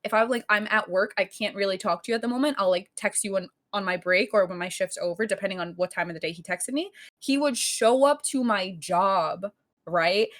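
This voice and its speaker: A young woman co-hosting a podcast, telling a story in casual chat, full of fillers and cursing, acting out quoted lines loudly. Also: mid-range voice, a little fast. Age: young adult. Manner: animated storytelling, heavy filler "like", frequent cursing; acts out quoted lines in raised louder voice. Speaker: podcast co-host.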